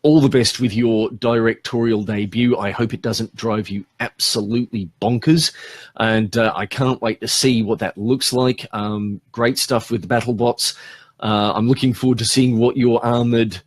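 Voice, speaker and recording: A man's voice: mid-range voice, steady tone, normal speed, dry recording. Chatty Australian man on a live stream. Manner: rambling, chatty, many ums. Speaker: podcast host. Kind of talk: casual live-stream chat.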